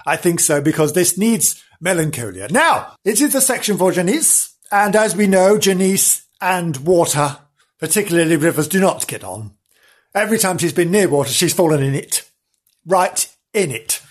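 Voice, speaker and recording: A man's voice: on the high side, very animated, normal speed, breathy edge. A man hosting a comic ghost-story podcast, telling the tale in a theatrical, melodramatic way. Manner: theatrical and melodramatic, hamming up the gore.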